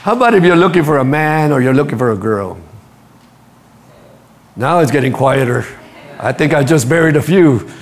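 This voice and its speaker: A man preaching a sermon, telling stories with lively energy and speaking straight to his congregation. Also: a little high, normal speed, pauses often. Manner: animated storytelling, acts out quotes, laughs at his own stories; addresses the congregation directly. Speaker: pastor.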